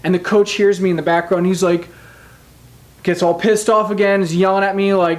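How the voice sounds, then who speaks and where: A man's voice: high voice, steady tone, a little fast. A man, a motivational speaker, telling a personal story in a candid, emphatic way and often checking in with "right?". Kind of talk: storytelling monologue.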